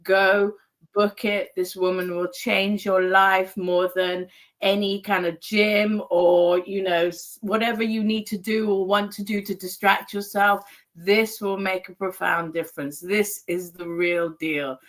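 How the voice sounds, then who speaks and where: A woman's voice: medium pitch, flat delivery, unhurried. A woman guest on a podcast, speaking in an effusive, emotional way and laughing often. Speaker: guest, energy healing practitioner. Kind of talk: casual interview chat.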